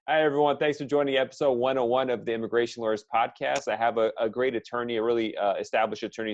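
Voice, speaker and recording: A man's voice: medium pitch, fairly even intonation, fast talker, hardly any pauses, soft background music. A man hosting a podcast interview, talking in an easygoing, chatty way with lots of fillers. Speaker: podcast host, immigration attorney. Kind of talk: casual interview chat.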